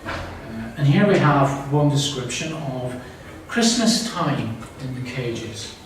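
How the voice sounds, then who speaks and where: A man's voice: medium pitch, animated, measured pace, distant mic, slight background noise. A man giving an academic lecture in a wry, digressive manner, with many fillers. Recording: echoey lecture hall from afar.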